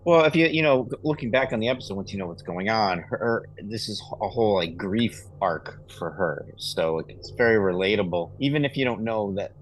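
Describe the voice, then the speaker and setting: A man with a very low voice thinks aloud about a show in casual fan discussion. He rambles and circles back on his points. Faint noise sits behind him. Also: expressive, brisk, few pauses, low-quality recording. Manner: thoughtful, rambling, with laughs between points. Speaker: podcast co-host.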